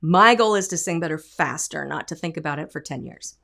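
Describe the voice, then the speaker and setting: A woman's voice: on the low side, fairly quick, creaky, hardly any pauses. A middle-aged woman vocal coach teaching a singing lesson, with emphatic explanations and short sung demonstrations. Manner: lively, emphatic teaching with sung and spoken examples.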